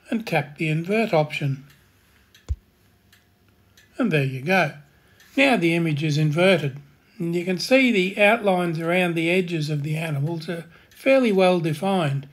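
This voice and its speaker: Husky man walking through software steps. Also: fairly high pitch. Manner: calm, plain instructional delivery. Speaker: tutorial host. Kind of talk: step-by-step software tutorial.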